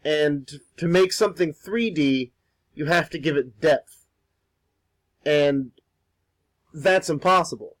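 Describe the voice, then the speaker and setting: A man's voice: fairly high pitch, slow, pauses often, dry recording, poor audio. A young man chatting casually while he draws, rambling and repeating words and swearing offhandedly. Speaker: art streamer. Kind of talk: casual talk while drawing.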